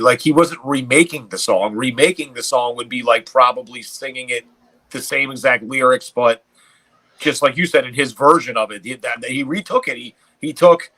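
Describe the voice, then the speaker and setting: A man's voice: mid-range voice, bright, forceful tone, poor audio. A man co-hosting a reaction video, questioning and pushing back on his partner's view. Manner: questioning, pushes back in a friendly way. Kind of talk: casual reaction commentary.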